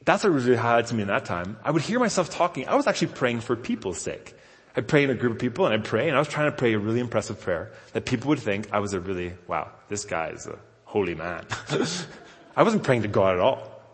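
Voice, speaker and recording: Male pastor, mid-pitched, relaxed storytelling sermon, long hall reverb. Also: fast. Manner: conversational, self-deprecating storytelling. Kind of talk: conversational sermon.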